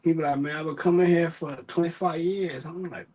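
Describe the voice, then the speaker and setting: A man's voice: on the high side, steady tone, brisk, few pauses, darkish tone, husky, poor audio. A man telling work stories in a casual, profane, exasperated rant, repeating himself.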